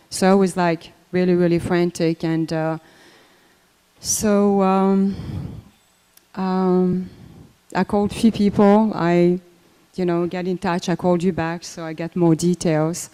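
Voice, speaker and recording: An older woman giving a personal memorial talk, unhurried and conversational, with many fillers and restarts. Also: on the low side, level tone, dark tone, clear, resonant tone. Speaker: memorial speaker. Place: temple hall. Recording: echoey hall reverb.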